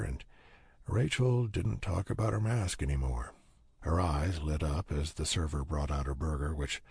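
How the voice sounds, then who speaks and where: Male narrator, first-person audiobook, wry delivery. Deep-ish, husky texture, dry booth. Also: a little mellow, no room sound.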